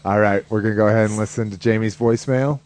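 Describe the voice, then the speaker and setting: A man's voice: lowish voice, steady tone, fast talker, a little mellow, a little hiss or hum. A man from New Mexico, co-hosting a podcast, telling loose stories with frequent laughs. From New Mexico, United States. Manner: laughing, loose storytelling with swearing. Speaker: podcast co-host. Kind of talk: casual chat.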